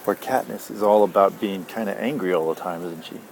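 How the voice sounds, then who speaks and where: Low-voiced father reading aloud gently. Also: vocal fry, a little hiss or hum. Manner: gentle, unhurried, tender asides. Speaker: father reading to his child.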